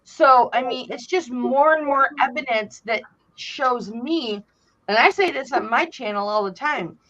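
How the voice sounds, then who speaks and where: With a high, unhurried voice, this woman hosts a casual chat full of lively stories, acting out quotes and swearing a lot. The recording has a dull lo-fi quality.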